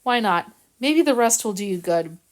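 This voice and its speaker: A woman's voice: medium pitch, animated, normal speed, close to an everyday voice. A woman reading aloud and voicing Harrison, a kennel owner who soothes but dodges questions. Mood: soothing. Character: nervous, evasive man who runs a kennel. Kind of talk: audiobook reading.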